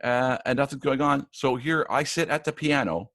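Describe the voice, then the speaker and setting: A man working as a live event AV producer, casually telling backstage anecdotes in an interview, with lots of restarts and animated retellings. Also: mid-range voice, normal speed, dry recording, clean studio sound.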